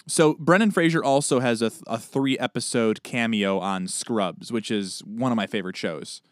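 A man in easy podcast chat, his voice sitting at an everyday middle pitch. He talks in an animated way, tossing in jokes and quick asides. The sound is dry and close, with no room around it. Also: no echo. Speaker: podcast co-host. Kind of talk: casual chat.

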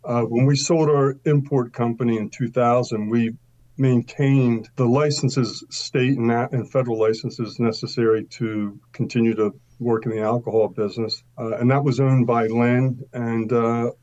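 A man in his sixties, a podcast guest, telling long stories in a relaxed interview and pausing often on uh. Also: medium pitch, lo-fi sound. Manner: long storytelling answers, frequent uh fillers. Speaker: guest, wine importer. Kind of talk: casual interview talk.

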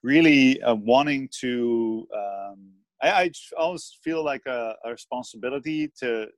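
A man with a slight Dutch accent talks through his plans as a podcast guest, pausing often on fillers. His mid-range voice comes across dry and close, with no room sound. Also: medium pitch, no echo. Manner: thoughtful, hesitant, many fillers. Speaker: guest, author and breathing teacher. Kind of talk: casual interview chat.

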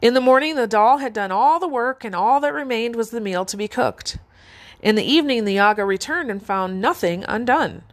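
A woman narrating a fairy tale in a measured, expressive way. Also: fairly high pitch. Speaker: storyteller.

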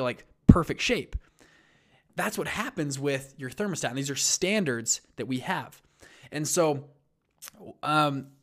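A young man giving a casual, rambling motivational talk about entrepreneurship, acting out what people say in lively voices. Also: fairly high pitch. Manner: rambling, acts out quotes in animated voices. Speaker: entrepreneur sharing advice.

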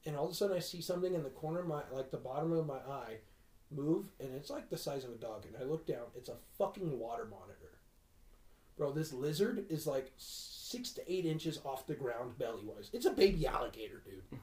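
A man's voice: mid-range voice, expressive, a little fast, a little mellow, roomy sound. A man telling a long story in casual podcast chat, swearing and acting out what people said. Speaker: podcast host.

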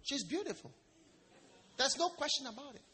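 A man preaching a sermon in a lively, storytelling way, acting out quotes and jokes. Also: very high-pitched, moderate pace, slight background noise. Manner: animated, storytelling with acted quotes and stammering imitations. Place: church service hall. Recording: long reverb of a large hall.

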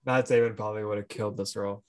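A man's voice: fairly low pitch, fairly even intonation, racing. A man co-hosting a podcast, chatting casually about a movie in an easygoing, agreeable way with some hesitation. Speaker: podcast co-host.

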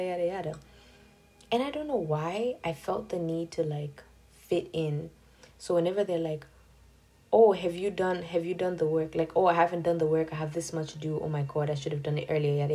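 Husky low-voiced young woman podcaster. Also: darkish tone. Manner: candid and confessional, chatty. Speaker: podcast host. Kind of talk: casual solo podcast talk. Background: faint background music.

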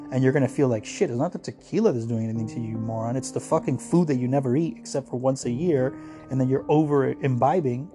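A man's voice: mid-range voice, dark tone. A man from the United States in a casual ranting monologue, profane, sarcastic and combative.

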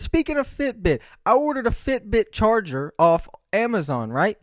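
A man's voice: high voice, sing-song, moderate pace, few pauses, no echo, studio quality. A man talking to camera in a rambling, profane monologue, checking in with frequent "right?" asides. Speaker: vlogger.

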